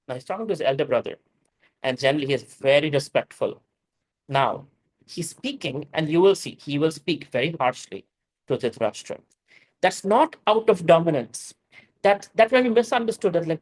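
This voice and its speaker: A man with an Indian English accent giving a scripture class. He speaks emphatically, rises to forceful exhortation, chants Sanskrit verses slowly and carefully, and often says "you know" and restarts his sentences. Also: a little high, lively intonation, low-quality recording. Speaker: spiritual teacher.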